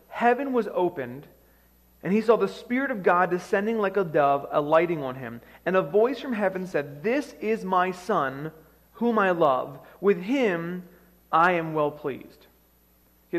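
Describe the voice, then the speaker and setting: A man preaching a sermon as pastor, telling the story dramatically with shifting loudness, in a church sanctuary. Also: high voice. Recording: long reverb of a large hall.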